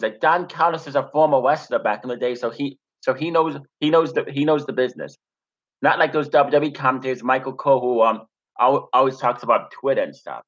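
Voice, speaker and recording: A man's voice: medium pitch, fairly bright tone, highs cut off. A young man casually recapping a wrestling show, rambling with many fillers and restarts. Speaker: wrestling reviewer.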